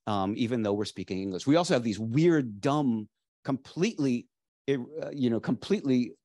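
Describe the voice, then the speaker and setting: A man's voice: medium pitch, animated, normal speed, mellow. A middle-aged man lecturing to a live audience with eager, rambling energy, often circling back to restart his sentences. His voice sits in an ordinary middle register. The sound is close and dry, with little room echo. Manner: enthusiastic, digressive, with frequent restarts and fillers. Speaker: lecturer, dictionary editor. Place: library lecture space.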